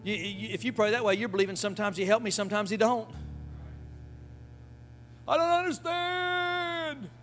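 A man with a notably high voice preaching a sermon, rising to shouted hallelujahs and calling for the congregation's response. His phrasing is folksy and colloquial. Faint music plays softly behind him. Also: fairly even intonation, racing, hardly any pauses. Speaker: pastor.

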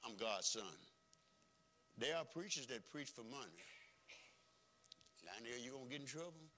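A man preaching a folksy, emphatic sermon as pastor, swinging between soft and loud. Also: medium pitch, animated, a little slow. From rural background.

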